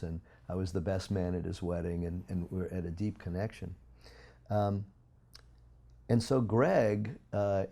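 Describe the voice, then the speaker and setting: Gravelly, deep-voiced man, emphatic. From United States. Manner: emphatic, preachy, with big swings in loudness. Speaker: guest speaker. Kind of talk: interview talk.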